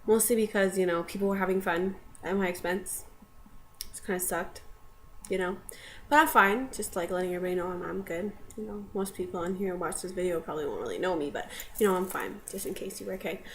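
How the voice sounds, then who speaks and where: Talking fast in a lowish voice, a young woman rambles through a personal story to camera, using plenty of fillers. Quoted bits set off bursts of teary laughter, and a little hiss or hum sits under the audio.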